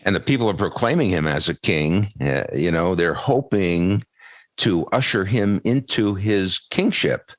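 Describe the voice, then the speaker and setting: An American man co-hosting a podcast, talking through scripture in a measured, explanatory way. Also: low-pitched, animated, no room sound. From United States. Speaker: podcast co-host. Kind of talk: casual Bible discussion.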